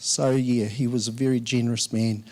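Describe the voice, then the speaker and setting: Man delivering a memorial tribute, halting with frequent restarts, mid-range voice. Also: medium pitch, flat delivery, darkish tone. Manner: halting, with many fillers and restarts. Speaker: eulogy speaker. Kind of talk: memorial speech.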